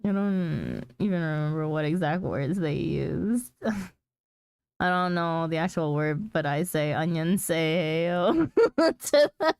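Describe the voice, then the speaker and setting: A woman's voice: low-pitched, sing-song, slow pace, vocal fry, a little mellow, clean tone, no echo, studio quality. A woman streamer chatting casually with her viewers, laughing often and talking with lots of "like" fillers. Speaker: streamer reading chat. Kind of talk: casual chat.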